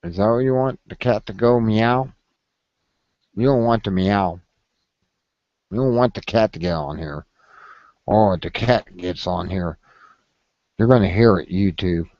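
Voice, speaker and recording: A man complaining on a casual vlog in a slow, rambling and profane way. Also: lowish voice, a little mellow, dry recording, muffled recording. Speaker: video blogger.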